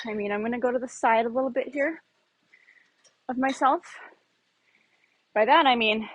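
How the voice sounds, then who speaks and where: A woman in her thirties explains each exercise as she demonstrates it, chatty and full of fillers. She is slightly out of breath. Her voice sits on the high side, close to the mic and dry. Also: a bit bright, slightly rough, no room sound. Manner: casual, explanatory, many fillers. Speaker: fitness instructor.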